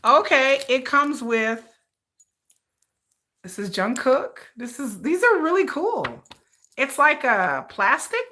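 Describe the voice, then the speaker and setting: A woman hosting a casual unboxing livestream, excitable and chatty, talking straight to her viewers and repeating herself. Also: high-pitched, slow. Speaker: livestream reaction host.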